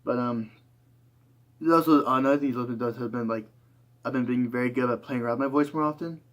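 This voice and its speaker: A man's voice: medium pitch, fairly quick. A tired young man talking through a rambling, reflective monologue, full of fillers and restarts. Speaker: YouTuber.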